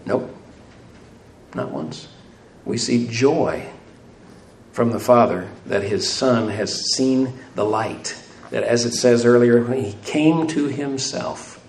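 Male preacher, mid-pitched, asks rhetorical questions; roomy church-hall sound with faint background hiss. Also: slow pace, darkish tone. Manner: light self-deprecating humor. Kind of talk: sermon. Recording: echoey room, faint room noise.

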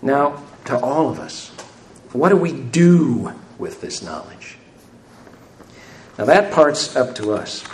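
A man's voice: mid-range voice, lively intonation, slow pace, a little mellow. A man preaching a sermon, asking the congregation rhetorical questions and adding light self-deprecating humor. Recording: echoey room, faint room noise.

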